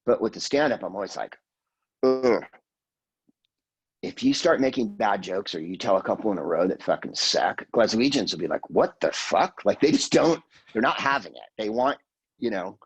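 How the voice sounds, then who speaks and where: A husky man in his sixties, talking as a podcast guest in a fairly low voice. He rambles through profane stories and drops into quick impressions of the people he quotes. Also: animated, low-quality recording. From California, USA. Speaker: guest comedian. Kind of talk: casual podcast chat.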